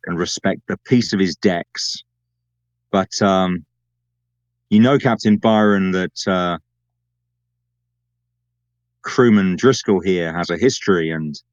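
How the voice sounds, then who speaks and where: A man voicing a dignified male ship captain who speaks slowly and deliberately. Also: deep voice, a little mellow, no echo, lo-fi sound, voice pushed down.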